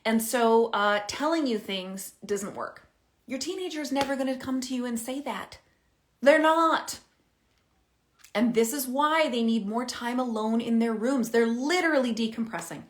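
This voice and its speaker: Middle-aged woman, parenting coach, slightly high voice, chatty, animated, talks things through aloud. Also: normal speed. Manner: animated, chatty, thinks out loud. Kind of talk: casual direct-to-camera advice.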